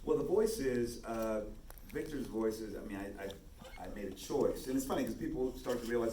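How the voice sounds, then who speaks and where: A man from the United States, an actor on a festival panel, chatting in a relaxed way and laughing easily. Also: medium pitch, normal speed. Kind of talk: panel conversation. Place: large festival hall with audience. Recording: echoey hall, distant mic, background noise.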